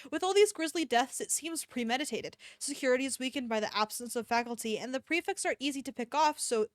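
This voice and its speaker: A woman's voice: high voice, no room sound, clean studio sound, voice pushed up, close to an everyday voice. A woman reading aloud as a sly teenage boy who taunts and teases with a mocking drawl. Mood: taunting. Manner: mocking, drawn-out teasing.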